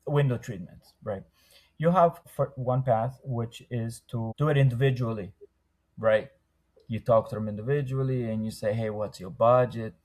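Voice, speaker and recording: A man's voice: mid-range voice, steady tone, moderate pace, a little mellow. A man who owns a window treatment business, a podcast guest who chats casually, laughs often and acts out the voices in his stories. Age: young adult. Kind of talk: casual interview talk.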